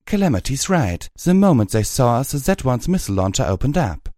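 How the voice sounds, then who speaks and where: A stern, refined mare healer as a man puts her on, lifted well above his usual low voice. She speaks precisely and firmly, recorded dry and close. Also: big pitch swings, fairly quick, a little mellow, no room sound, lightly acted. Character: stern refined female unicorn pony healer.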